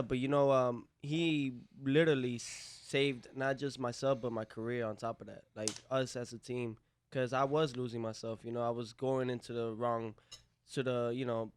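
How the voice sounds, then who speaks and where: A man's voice: mid-range voice, clear, resonant tone. A young man, a professional boxer, answering interview questions earnestly with lots of "you know". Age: young adult.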